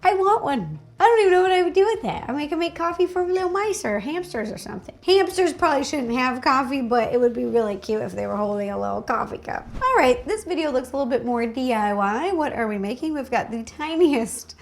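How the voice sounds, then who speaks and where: A woman hosting a casual reaction video, gushing and excitable, gasping often and exclaiming in delight. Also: high voice, a little fast, creaky, few pauses.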